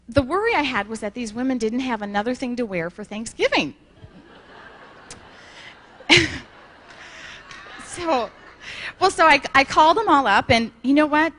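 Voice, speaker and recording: A woman with a somewhat high voice gives a motivational talk at a sales conference. She tells folksy anecdotes in a chatty way and clears her throat now and then. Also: fairly bright tone, a little hiss or hum. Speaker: sales manager presenting at a conference. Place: conference hall.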